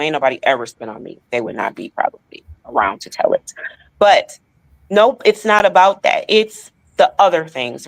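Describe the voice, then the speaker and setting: A woman co-hosting a podcast, telling a painful personal story with emotion and speaking straight to her listeners. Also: sits low. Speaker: podcast co-host.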